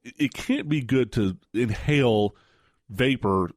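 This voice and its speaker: A man's voice: mid-range voice, unhurried, a little mellow, dry recording, clean studio sound. A man co-hosting a radio show, adding short teasing remarks to the conversation. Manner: short teasing interjections, laughs along. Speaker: radio co-host. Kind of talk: casual chat.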